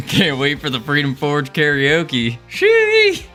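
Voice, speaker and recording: A man's voice: a little high, fairly even intonation, a little slow, bright, forceful tone, faint music behind. A man chatting casually on a game development livestream, playful and joking with his chat, laughing often.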